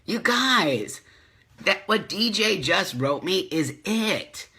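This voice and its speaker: A man's voice: high voice, animated, takes it slowly, pushed and bright, breathy edge. A middle-aged man hosting a live stream, speaking with passion and repeating himself for emphasis as he reads viewer comments. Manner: impassioned, emphatic repetition. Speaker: host.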